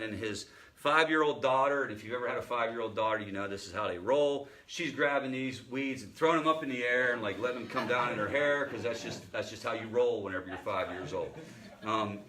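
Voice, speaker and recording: A man in a mid-range voice leads a family support group in a relaxed, conversational teaching style. He tells stories, asks the room questions and often restarts his sentences. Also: mid-range voice. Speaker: family recovery group facilitator.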